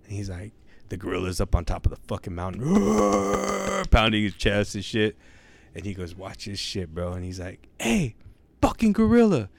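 A man's voice: low-pitched, steady tone, fairly bright tone. Profane slangy man telling a joke. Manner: profane, drawn-out slangy delivery. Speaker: joke teller. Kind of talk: casual storytelling of a crude joke.

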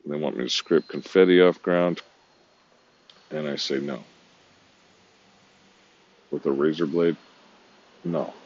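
Rambling deep-voiced man, lo-fi. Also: steady tone, slow, pauses often, darkish tone. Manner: rambling, disjointed, profane. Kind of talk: rambling monologue.

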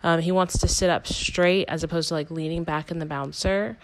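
A woman's voice: sits low, steady tone, moderate pace, a little hiss or hum, rough recording. A young woman hosting a casual personal podcast, talking candidly in a rambling way with lots of "like" and self-corrections. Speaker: podcast host.

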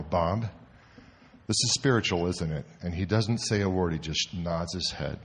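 Husky low-voiced male preacher. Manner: animated storyteller, swings from hushed to loud. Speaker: pastor. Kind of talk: sermon storytelling.

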